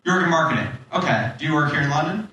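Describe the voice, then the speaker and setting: A male comedian works the crowd with quick, teasing jokes. His voice is fairly high and very lively. It comes from a distant mic in a roomy, echoey club full of loud laughter. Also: slight background noise. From New York City. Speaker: stand-up comedian doing crowd work. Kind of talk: stand-up crowd work.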